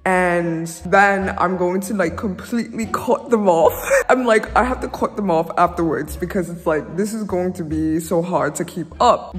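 A woman chatting to camera in a put-on British accent, playful and animated. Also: on the low side. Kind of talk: casual vlog chat to camera. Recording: reverberant room with faint music.

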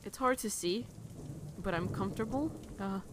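A woman's voice: medium pitch, moderate pace, background noise. A young woman giving commentary while she plays a horror game, nervous and jumpy, with bursts of laughter and swearing when something frightens her. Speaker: let's play gamer.

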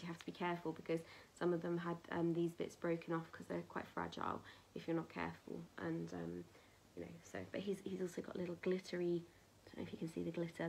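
A woman talks casually to camera, rambling with plenty of ums and dropping into soft whispers now and then. Her voice sits a little low. A faint background hiss runs under the recording. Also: gravelly. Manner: chatty and rambling, with many ums, laughs and soft whispered asides. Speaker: vlogger showing a merchandise haul.

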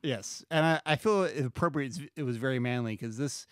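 A male podcast co-host chats casually, laughing often and searching for words. His voice sits at a middle pitch and sounds dry and close to the mic. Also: brisk, no room sound. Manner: laughs easily, hesitant. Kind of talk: casual chat.

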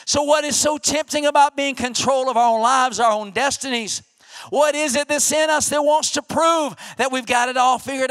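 A middle-aged male pastor preaching a sermon, who gets pumped up like a sideline coach and builds to emphatic, shouted questions. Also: extremely high pitch, no echo, clean studio sound. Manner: energetic, rising to emphatic repeated questions.

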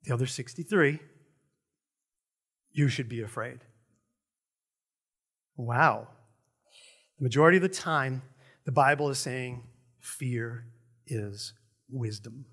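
A middle-aged male pastor preaching a sermon in a conversational, animated way, with jokey asides to the congregation. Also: medium pitch, a little slow, pauses often.

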